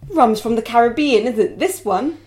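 Female podcast co-host from England, slightly high voice, relaxed dry humour. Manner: easygoing, dry, reads labels aloud slowly. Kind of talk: casual chat.

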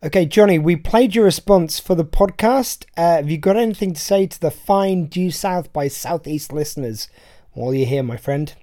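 A woman's voice: lowish voice, moderate pace, dark tone. A woman from Britain hosting a podcast in a chatty, self-deprecating casual manner. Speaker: podcast host. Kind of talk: casual chat.

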